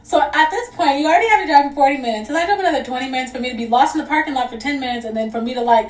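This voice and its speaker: A young woman telling a storytime on her vlog, animated and profane, laughing as she goes. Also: high-pitched, very fast. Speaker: vlogger. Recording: echoey room, distant mic.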